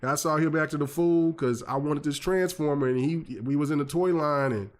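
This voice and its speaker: A man hosting a gaming podcast, telling stories in a lively, rambling way full of fillers and restarts. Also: a little high, moderate pace. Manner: animated storyteller, many fillers and restarts. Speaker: podcast host. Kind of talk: casual chat.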